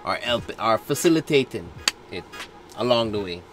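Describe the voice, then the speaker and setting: Lively slangy man reacting to a show. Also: lowish voice, normal speed, noisy background. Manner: animated, laughs a lot, slangy asides. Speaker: reaction video co-host. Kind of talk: casual reaction commentary.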